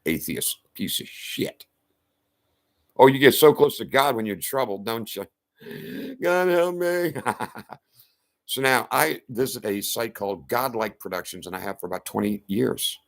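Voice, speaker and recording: A man's voice: on the low side, a little fast, vocal fry, few pauses. A man ranting to camera in a profane, confrontational, rambling way. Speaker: vlogger.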